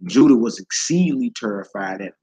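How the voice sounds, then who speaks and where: A man's voice: lowish voice, lively intonation, brisk, dark tone. A man reading scripture aloud and commenting on it in a casual, slangy preaching manner. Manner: casual slang, frequent "you know what I'm saying" asides. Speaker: religious teacher.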